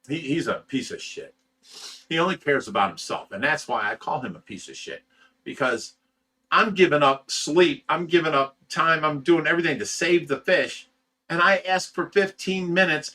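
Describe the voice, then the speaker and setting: A slightly high, bright, forceful voice belongs to a sleep-deprived man behind a fish rescue. On his livestream he tells a story heatedly, cursing and stammering as he repeats words.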